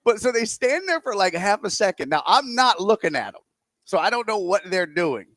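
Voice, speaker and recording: On sports talk radio, a male co-host spins a rambling, animated story in casual fashion, acting out every quote. His high voice leaps up and down at normal speed, sounding close and dry on a studio mic with no echo or room sound at all.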